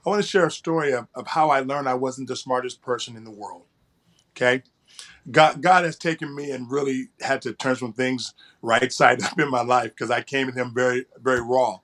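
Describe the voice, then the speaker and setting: A man's voice: medium pitch, moderate pace, fairly bright tone. A man co-hosting an interview, telling a personal story in an earnest way and often repeating words as he starts a phrase. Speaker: co-host.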